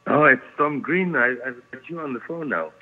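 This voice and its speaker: A man's voice: medium pitch, lively intonation, normal speed, phone-quality sound. A man of about fifty with a Greek accent, calling into a show, speaking hesitantly with restarts. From Netherlands. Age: 50s. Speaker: caller. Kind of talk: casual phone-in chat.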